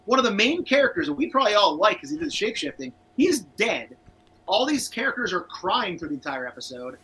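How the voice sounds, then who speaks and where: Male co-host, bright tone, a bit raspy, easygoing rewatch chatter. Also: high voice, very animated, fast talker, low-quality recording. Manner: chatty, reads viewer comments aloud. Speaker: podcast co-host. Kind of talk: casual rewatch commentary.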